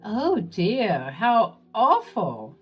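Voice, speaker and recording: A woman voicing a scheming older mother-in-law who talks slowly in a honeyed, falsely sweet way. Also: mid-range voice, huge pitch swings, breathy edge, soft background music, full character voice. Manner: slow, syrupy, honeyed.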